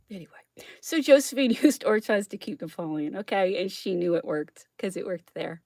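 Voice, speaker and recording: Her mid-range voice is animated and a little mellow at a normal speed, recorded dry with clean studio sound. Hosting an astrology show as a casual monologue, she chats away, laughs a lot, and checks in with listeners by asking "okay?"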